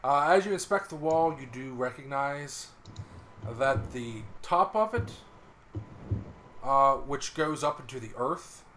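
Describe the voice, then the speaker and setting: A man's voice: medium pitch, lively intonation, takes it slowly, a bit bright, a little hiss or hum. A man narrating as game master in a tabletop game, laid-back and stopping for fillers.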